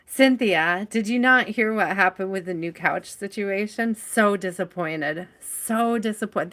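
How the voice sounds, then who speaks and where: A woman's voice: mid-range voice, a little slow, hardly any pauses, a bit bright. A woman hosting a tarot live stream from home, chatting casually, greeting viewers by name and laughing often.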